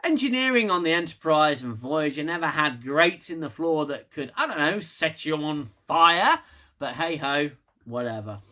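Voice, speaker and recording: A man's voice: fairly high pitch, expressive, moderate pace, pushed and bright. Sarcastic British man recapping. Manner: sarcastic, laughing asides. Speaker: TV episode reviewer. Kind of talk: casual review recap.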